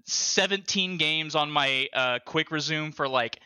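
A man hosting a podcast, telling animated stories with heavy swearing and bursts of laughter. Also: on the high side, a little slow, clean tone, no echo, studio quality. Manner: profane, animated storyteller with loud laughing bursts. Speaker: podcast host. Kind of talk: casual chat, storytelling.

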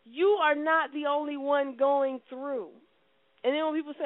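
A woman preaching a sermon with impassioned delivery, swinging from loud declarations to hushed, prayerful tones. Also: high voice, fairly even intonation, normal speed, no echo. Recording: tinny phone-like line.

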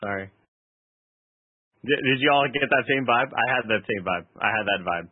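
A man's voice: mid-range voice, lively intonation, normal speed, husky, no echo. A man on a podcast joking around casually about a movie scene. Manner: joking, laid-back. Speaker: podcast co-host. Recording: dry phone-like audio.

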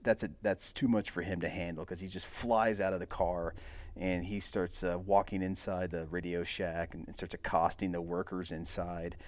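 A man hosting a podcast, casually recapping a movie scene by scene in a relaxed, rambling way, full of filler words. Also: deep voice, no room sound. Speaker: podcast host.

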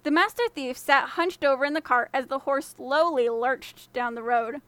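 A woman podcast storyteller reading a fairy tale in a measured, expressive way. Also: high voice, no room sound. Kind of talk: scripted fairy tale narration.

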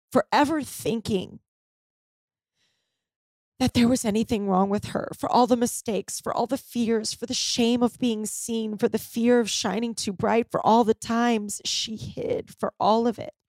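A woman's voice: on the high side, fairly even intonation, measured pace, a little mellow, no room sound, clean studio sound. Candid emotional woman telling a story. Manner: candid and emotional, frequent swearing. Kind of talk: personal story told to listeners.

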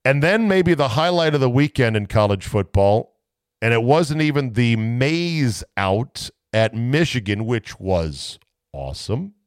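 A man's voice: medium pitch, lively intonation, unhurried, no echo, clean studio sound. A male sports talk show host in a casual monologue, rambling and making self-mocking asides.

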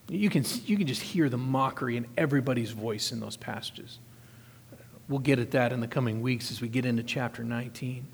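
A man's voice: mid-range voice, husky, in a large hall. A man preaching a sermon, reading scripture aloud and then explaining it with emphatic repetition. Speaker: pastor.

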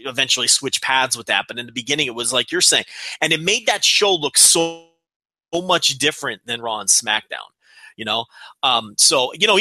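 A man's voice: fairly high pitch, bright, forceful tone, no room sound. A man co-hosting a podcast in casual chat, wry and emphatic with fillers and swearing. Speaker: podcast co-host.

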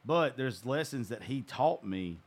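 A man's voice: mid-range voice, animated, measured pace. A man hosting a casual chat, talking bluntly and swearing freely.

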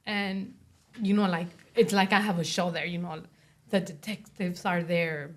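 A young woman speaking as an interview guest, giving a personal testimony in a soft voice full of "you know" and "like". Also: lowish voice, fairly even intonation, a little slow. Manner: soft-spoken, many fillers like "you know" and "like".

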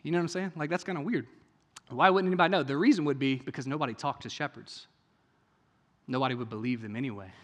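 A man preaching a sermon in a church, talking conversationally, asking many rhetorical questions and moving between hushed, intimate passages and raised, emphatic ones. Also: medium pitch, fast talker, big-room sound. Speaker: pastor. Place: church sanctuary.

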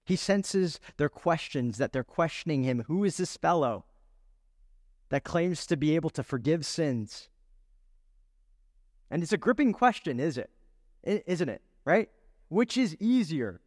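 A man's voice: on the high side, sing-song, a little slow, pauses often, darkish tone, clean studio sound. Earnest male pastor in a big hall. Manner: earnest, rhetorical questions, builds emphasis. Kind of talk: sermon. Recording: long reverb in a large hall.

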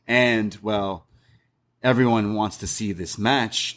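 A man's voice: lowish voice, fairly even intonation, slow, fairly bright tone. A young man co-hosting a wrestling podcast, recapping a show in casual chat and acting out the wrestlers' lines. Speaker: podcast co-host.

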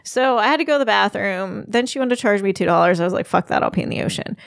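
A woman's voice: mid-range voice, expressive, fast talker, gravelly, no echo, studio quality. A middle-aged woman telling a travel story in casual chat, giggling often as she talks. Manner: giggly, laughs often while telling stories. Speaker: podcast co-host.

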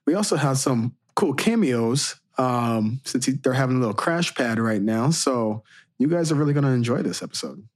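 A man's voice: medium pitch, animated, normal speed. A man co-hosting a casual podcast chat in a playful, jokey way. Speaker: podcast co-host.

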